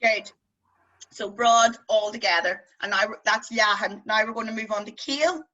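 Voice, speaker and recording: A woman with a West Belfast accent leads a beginners' language class over a video call. Her voice sits a little high and rings very bright. She talks in a chatty, playful way and draws out vowel sounds to demonstrate them. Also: moderate pace, lo-fi sound. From Northern Ireland. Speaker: Irish language teacher.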